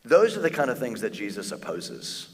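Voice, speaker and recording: Lively preaching man in echoing hall. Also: on the low side. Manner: conversational, animated preaching with quick acted-out asides. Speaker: pastor. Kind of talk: sermon. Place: church auditorium. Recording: long church hall reverb.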